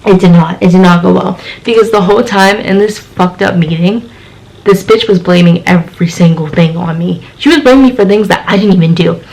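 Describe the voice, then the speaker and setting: A woman's voice: on the low side, brisk, gravelly, darkish tone, rough recording. A young woman telling a story on her vlog, chatty and exasperated, full of "like" and "you know.". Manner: chatty, filler-heavy retelling with lots of "like". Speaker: vlogger.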